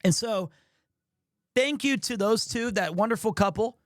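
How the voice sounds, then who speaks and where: A high-voiced man spins a travel story for his stream, animated and self-mocking, swearing casually as he goes. He is right on a close mic in a dry, dead-sounding space. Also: unhurried, dry recording. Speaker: live streamer.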